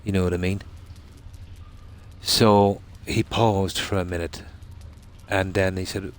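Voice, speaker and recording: A man's voice: low-pitched, level tone, takes it slowly, long pauses. A man streaming a game, chatting casually and telling long rambling stories. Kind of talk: casual chat while gaming.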